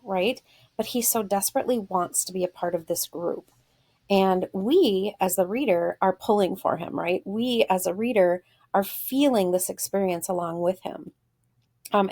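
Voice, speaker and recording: A woman literature teacher reads a short story aloud and stops often to think aloud about it, pausing with fillers. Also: fairly low pitch, gravelly, a little mellow. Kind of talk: reading a story aloud with commentary.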